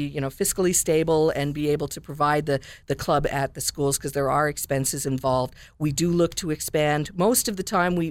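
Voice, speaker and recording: A woman's voice: deep voice, dry recording. Earnest woman guest, dry studio sound. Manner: earnest, expressive storyteller. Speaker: guest from a children's reading charity. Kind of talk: radio interview and storybook read-aloud.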